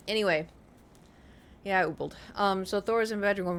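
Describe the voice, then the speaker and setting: A woman's voice: medium pitch, a little fast. A young woman with a slight lisp from braces, chatting casually on a live stream and telling rambling, self-mocking stories with frequent laughter.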